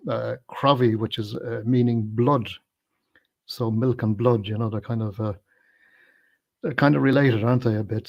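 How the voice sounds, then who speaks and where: A man's voice: mid-range voice, vocal fry. A man co-hosting a casual film discussion, talking in a hesitant, explanatory way with many fillers and restarts. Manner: explanatory, unpacking invented slang. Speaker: film review co-host.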